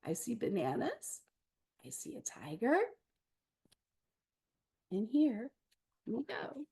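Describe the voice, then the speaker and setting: Brief: woman author reading to kids, high, very lively voice, slow and expressive. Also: creaky, husky. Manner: animated and expressive, with gasps and laughter. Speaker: children's book author. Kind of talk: picture-book read-aloud.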